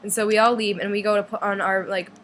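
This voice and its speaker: A teenage girl telling a long story in a casual vlog, excited and rambling, with many fillers. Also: medium pitch, quick pace, a little hiss or hum. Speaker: vlogger.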